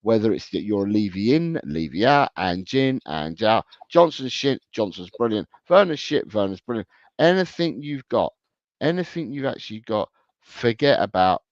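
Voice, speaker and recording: A low-pitched man talks football in a casual podcast chat, hammering his points home by repeating them. The sound is dry and a bit dull, like lo-fi audio. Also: very animated, moderate pace, no echo. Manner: emphatic, repeats his phrases. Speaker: podcast co-host.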